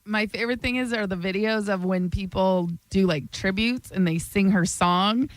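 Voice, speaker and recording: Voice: medium pitch, normal speed, no room sound, poor audio. Wry co-host with dry studio sound. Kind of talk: radio talk show banter.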